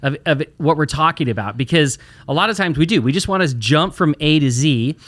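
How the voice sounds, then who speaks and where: A man co-hosting a business podcast, talking easily and thinking aloud with plenty of fillers. His voice sits somewhat high for a man. The recording is close and dry. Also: lively intonation, a little fast, a bit bright, dry recording. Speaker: podcast co-host. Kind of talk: casual business podcast chat.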